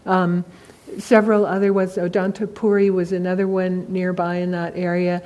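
Mellow-voiced woman giving a dharma talk. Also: on the low side, little pitch movement, normal speed. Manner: conversational, frequent "you know" asides. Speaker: Buddhist teacher.

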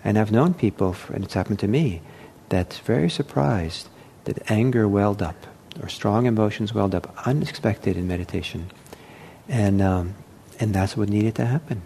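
Man giving a meditation talk, low voice, mellow tone, halting and gentle, faint rumble behind. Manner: gentle, unhurried, with frequent fillers and restarts. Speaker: meditation teacher. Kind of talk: dharma talk.

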